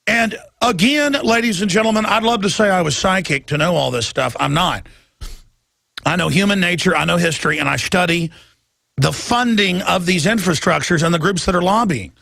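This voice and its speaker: A man hosting a radio talk show, ranting in a heated monologue and often shouting as his pitch climbs. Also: moderate pace, vocal fry, no echo, studio quality. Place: radio studio.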